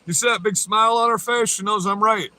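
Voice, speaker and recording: A man's voice: sits high, steady tone, fairly quick, pushed and bright. A man ranting on a livestream, profane, taunting and confrontational. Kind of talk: livestream rant.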